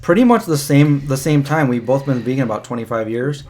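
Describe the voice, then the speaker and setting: A man's voice: medium pitch, a little fast, background noise. A man in his forties hosting a live stream chat, easygoing, reading viewer questions aloud. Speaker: host. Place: indoors, eating lunch. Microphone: external mic.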